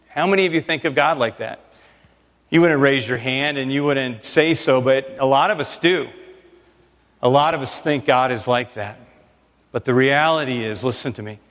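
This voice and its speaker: A middle-aged man preaching a sermon in a conversational, animated way with quick asides to the audience. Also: medium pitch. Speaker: pastor. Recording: long hall reverb.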